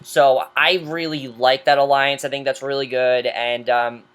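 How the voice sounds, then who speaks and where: A woman's voice: rumbling low, flat delivery, unhurried, clean tone. Opinionated woman recapping a reality show. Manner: opinionated, with frequent fillers and restarts. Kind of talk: casual recap commentary.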